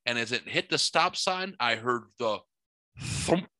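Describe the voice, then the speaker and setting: A man spins a rambling, profane story in a bright, forceful voice. He acts out his own outbursts with theatrical flair. The sound is dry and close. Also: medium pitch, a little slow, dry recording. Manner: animated, profane, theatrical retelling. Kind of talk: casual storytelling.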